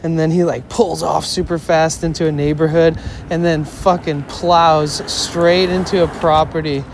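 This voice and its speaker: A man's voice: a little high, level tone, measured pace. A young man streaming live, telling a story in a rambling, casual way, full of "like" fillers, swearing and short laughs. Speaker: IRL streamer. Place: outdoors in a city. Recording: outdoor street noise.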